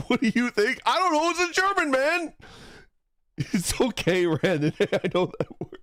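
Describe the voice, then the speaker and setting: A man's voice: extremely high pitch, sing-song, measured pace, a bit bright, no echo, clean studio sound. A man streaming a game, laughing a lot and getting flustered as he struggles to read German menus. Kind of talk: casual gameplay livestream.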